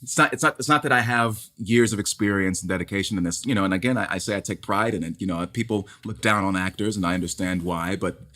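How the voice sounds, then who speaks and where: A baritone man talking in a low register, animated and emphatic. He speaks candidly as an actor in conversation and often repeats words while building his argument. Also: quick pace, hardly any pauses. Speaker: stage actor.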